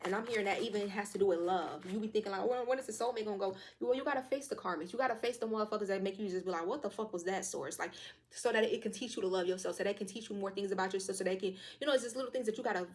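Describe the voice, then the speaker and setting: Young adult woman, quick casual tarot reader, a touch hoarse, swears freely. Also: medium pitch. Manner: fast, loose and profane, with lively quoted asides. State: slightly hoarse throat.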